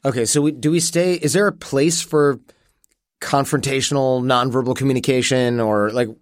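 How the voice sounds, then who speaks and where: A man's voice: mid-range voice, moderate pace, dry recording. Easygoing male host, dry sound. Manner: easygoing, asks questions. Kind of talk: casual conversation.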